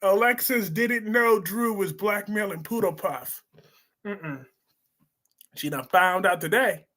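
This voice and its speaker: A man hosting a live stream, reading viewer comments and reacting in a sassy, blunt, animated way. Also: sits high, slow. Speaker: host of a live soap opera discussion stream.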